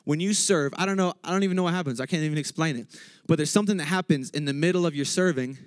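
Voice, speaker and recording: Excitable male preacher, casual church sermon, jokes and interrupts himself, raised pitch, dry close sound. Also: rapid-fire, no echo. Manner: excitable, joking, self-interrupting.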